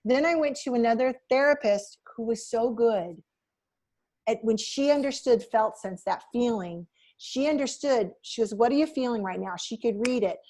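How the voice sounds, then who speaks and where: A woman's voice: fairly high pitch, moderate pace, a little mellow. Earnest woman telling reflective stories. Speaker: hypnotherapist guest. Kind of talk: conversational interview.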